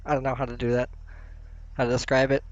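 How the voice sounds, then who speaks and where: A man's voice: medium pitch, completely flat delivery, fast talker, dry recording. A man casting a live-streamed tournament in casual, playful commentary, often laughing at himself. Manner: playful, giggly, self-mocking. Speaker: esports tournament caster. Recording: dull lo-fi stream mic.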